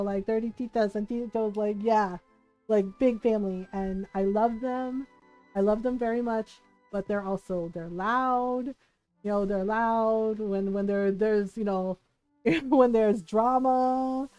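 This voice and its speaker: A woman streaming a game and chatting casually, telling animated stories with frequent laughs and lots of "like" fillers. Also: fairly high pitch. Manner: animated storyteller, laughs often, many "like" fillers. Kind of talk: casual chat while playing a game.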